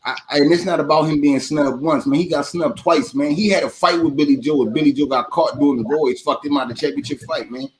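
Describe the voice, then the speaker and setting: A man's voice: on the high side, brisk, hardly any pauses. A man co-hosting a boxing talk show, heated and emphatic.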